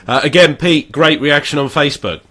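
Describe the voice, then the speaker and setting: A man's voice: a little high, a little fast, sharp tone. A man from Devon with a West Country accent, hosting a live show and asking friendly, conversational questions. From Devon, England. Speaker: show host.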